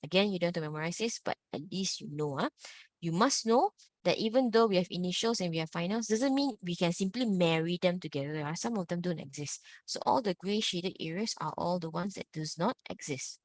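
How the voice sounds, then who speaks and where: A woman leads an online Mandarin lesson and sings each tone in big exaggerated swoops for her students to copy. Her voice sits fairly low, and the recording is dry and close, as over a video call. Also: animated, fairly quick, dry recording. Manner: demonstrates tones in exaggerated swoops, repeat-after-me drills. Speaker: Mandarin teacher.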